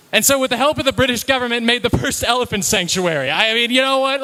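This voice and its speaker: A man giving an energetic, comedic slide presentation to a live audience, with punchy, playful delivery. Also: very high-pitched, fast. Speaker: presenter at a live talk night.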